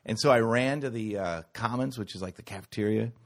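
A man telling a wild story in casual podcast chat, animated and profane, often laughing. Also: fairly low pitch, a little fast.

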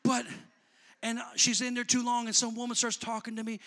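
A man preaching a sermon, talking in a plain, colloquial way to the congregation and rising to shouts before dropping back to easy talk. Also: very high-pitched, completely flat delivery, brisk. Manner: builds to shouting, then drops back to conversational.

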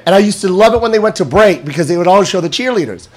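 Man, hoarse voice, loud joking podcast host, roomy echo. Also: high-pitched, rapid-fire. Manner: loud, animated joking and teasing. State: hoarse from losing his voice. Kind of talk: comedic casual chat. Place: indoor room, on camera. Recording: echoey room.

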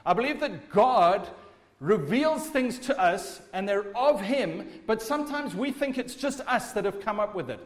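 A man with a notably high voice delivers an emphatic sermon, stressing his points and putting questions to his listeners. His words ring out with a long reverb, as if in a large hall or church. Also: animated, a little slow. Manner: emphatic, asks the audience rhetorical questions. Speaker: preacher.

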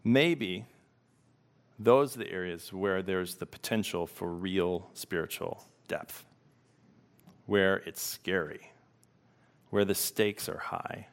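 A man preaching a sermon as pastor, reflective and unhurried, pausing to let questions sink in. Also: deep voice, vocal fry.

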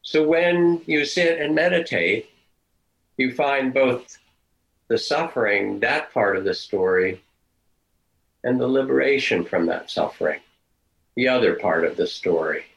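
An older man giving a dharma talk as a meditation teacher, telling stories in a gentle, unhurried, reflective way. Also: medium pitch, animated, creaky, low-quality recording.

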